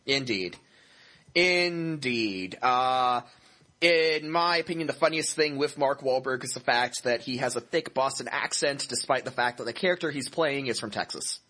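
Man, podcast co-host, playful jokey chat, bright voice. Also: medium pitch, normal speed. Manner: playful, jokey, laughs easily. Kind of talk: casual gaming podcast chat.

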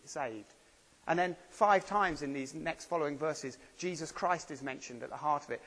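Man, preacher, conversational sermon, rhetorical questions, gravelly voice, reverberant hall. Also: on the high side, fairly quick. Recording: long reverb of a church hall.

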